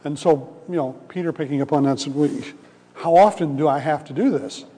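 A man's voice: on the high side, brisk, mellow, slightly rough. A male pastor giving a sermon in a conversational storytelling way, acting out the voices in a parable. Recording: long hall reverb.

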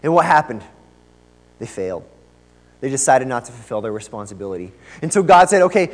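A man preaching a sermon in a church, with conversational and lively emphasis. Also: mid-range voice, fairly quick, pauses often, big-room sound. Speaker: pastor. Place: church sanctuary.

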